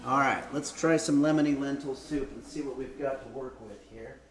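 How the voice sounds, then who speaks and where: A man's voice: mid-range voice, normal speed, over loud music. A man hosting a live-stream cooking lesson, chatting casually, frank and self-mocking, swearing now and then.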